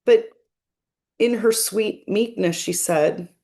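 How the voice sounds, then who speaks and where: A woman working as a spiritual medium, gently and earnestly explaining a message in a reflective monologue. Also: mid-range voice, slow.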